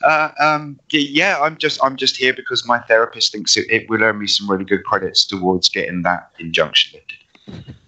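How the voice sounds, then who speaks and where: A sheepish, hesitant man who keeps stalling with ums, as an improv player does him. His voice is bright and close, recorded dry. The audio is a little muffled. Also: lowish voice, fairly even intonation, normal speed, no echo. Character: awkward man addicted to pickled pig's feet.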